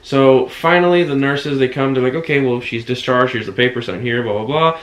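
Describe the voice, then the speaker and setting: Animated man telling a story. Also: brisk. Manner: animated retelling, acts out quotes with sudden high shouts. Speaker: vlogger recounting a hospital visit. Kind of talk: casual storytelling. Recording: echoey room.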